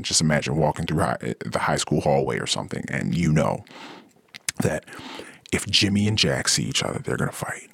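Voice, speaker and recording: A man's voice: rumbling low, normal speed, creaky, slightly rough, dry recording. A man hosting a podcast, talking through a casual monologue and acting out the people he quotes. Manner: animated, acts out quoted voices. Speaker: podcast host.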